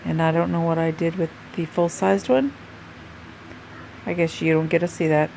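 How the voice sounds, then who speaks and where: A woman chats her way through a home nail art video, rambling and correcting herself as she goes. Her voice is low, dark and gravelly, and she talks slowly, as if half asleep. A faint hiss sits under the recording. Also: little pitch movement, poor audio. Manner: chatty, rambling, self-correcting. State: sleepy, yawning. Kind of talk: casual chat to camera. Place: home craft room.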